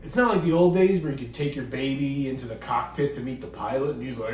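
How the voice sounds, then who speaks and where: A man's voice: mid-range voice, quick pace. A man hosting a comedic casual vlog, talking in a jokey, self-mocking way. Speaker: host. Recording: roomy sound from a distance with music.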